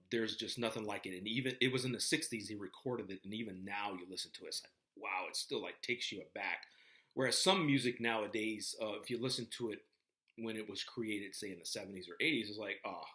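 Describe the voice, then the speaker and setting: A man's voice: on the low side, pushed and bright. A man giving a casual talk to a class, rambling with many fillers and restarts. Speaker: lecturer. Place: classroom with a board.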